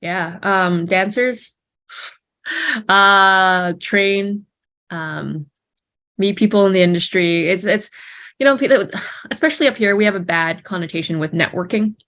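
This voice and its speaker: A woman's voice: medium pitch, measured pace, long pauses, fairly bright tone. A young woman, an actress, chatting casually in an interview, bubbly and giggly with many fillers and restarts.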